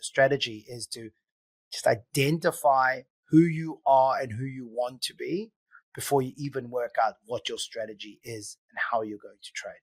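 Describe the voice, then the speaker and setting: A man's voice: mid-range voice, moderate pace, no room sound. A man hosting a podcast, chatting casually and asking probing questions with frequent fillers. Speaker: podcast host. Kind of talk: casual interview chat.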